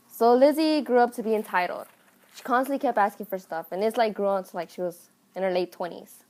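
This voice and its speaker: A woman's voice: mid-range voice, fairly quick. Casual, slangy woman telling a comic story. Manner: casual, deadpan retelling with slang. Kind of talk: comedic storytelling.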